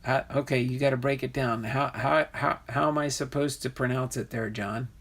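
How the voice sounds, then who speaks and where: A man's voice: mid-range voice, fairly even intonation, normal speed, fairly bright tone. A man hosting a live stream, reading viewers' comments, laughing and trying out pronunciations in a chatty way. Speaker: livestream host. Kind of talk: casual live chat with viewers.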